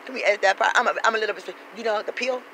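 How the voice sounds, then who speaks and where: A woman's voice: medium pitch, rapid-fire, bright, forceful tone, a little hiss or hum, rough recording. A woman telling a profane comic story in a brash, sassy, street-talking way, acting out everyone she quotes. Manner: brash, swears constantly, acts out every quoted voice.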